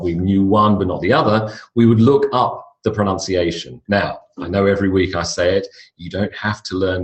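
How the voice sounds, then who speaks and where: A man teaching English pronunciation in a relaxed, conversational lecture, with asides and restarts. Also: low voice. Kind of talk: recorded lecture. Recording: echoey room.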